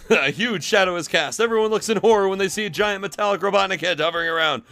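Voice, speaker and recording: A man's voice: high voice, quick pace, vocal fry, bright, forceful tone, faint music behind. A man streamer giving a comedic dramatic reading of fanfiction with laughing asides.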